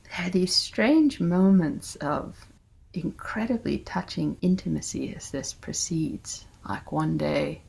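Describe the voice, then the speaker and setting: A woman giving a gentle, soft-spoken Zen dharma talk, often sinking to a near whisper. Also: fairly low pitch, animated, takes it slowly, creaky, husky. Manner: gentle and reflective, with fillers. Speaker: guest dharma talk host.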